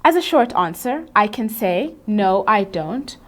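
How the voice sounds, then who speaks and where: A woman teaching an English grammar lesson, explaining rules in a clear, measured way and reading out example sentences slowly and carefully. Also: mid-range voice, expressive.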